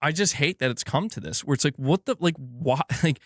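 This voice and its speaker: A man's voice: a little high, animated, brisk, fairly bright tone, dry recording, clean studio sound. Fired-up man ranting about games. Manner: exasperated, swears often, restarts sentences, mocks with put-on quotes. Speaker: gaming channel host. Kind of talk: heated solo rant.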